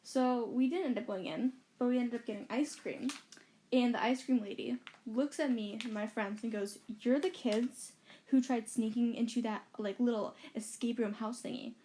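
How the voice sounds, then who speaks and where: A woman's voice: on the high side, normal speed, warm tone, slight background noise. A woman co-hosting a casual podcast from a bedroom, telling a rambling story full of fillers and quoted lines. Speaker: podcast co-host.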